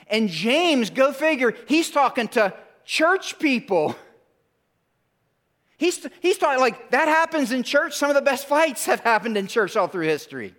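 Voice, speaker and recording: A man preaching a sermon in a church, emphatic, drawing in the congregation with questions and pauses. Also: very high voice, a bit bright. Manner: emphatic, calls for audience response, dramatic pauses. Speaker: pastor. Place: church sanctuary.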